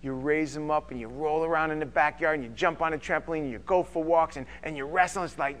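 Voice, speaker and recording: Animated man preaching a sermon. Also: fairly high pitch, a little fast. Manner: animated, acts out quotes with sudden loud bursts. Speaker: pastor.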